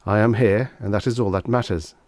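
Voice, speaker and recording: A man voicing a calm, sinister little male Death figure who speaks quietly and coldly. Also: lowish voice, brisk, no echo, lightly acted.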